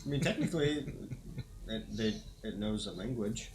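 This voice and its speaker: A man's voice: lowish voice, animated, normal speed. A man playing a tabletop game, chatting casually and asking a lot of questions. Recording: noticeable background noise.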